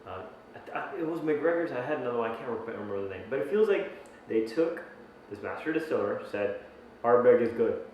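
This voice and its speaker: A man's voice: mid-range voice, expressive, quick pace, highs cut off, a little hiss or hum. A man giving a casual whisky tasting review, thinking aloud with many restarts and fillers. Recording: very echoey room, mic at a distance.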